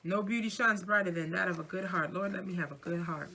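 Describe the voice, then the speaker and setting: A chatty woman in her forties, born in New York City, whose accent mixes New York with Midwest, Southern and Louisiana. Her voice sits a little low but sounds bright and lively. She talks casually and laughs easily. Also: fairly quick, few pauses, husky. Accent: mixed New York, Midwest, Southern and Louisiana. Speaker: vlogger and minister. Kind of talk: casual planner flip-through chat.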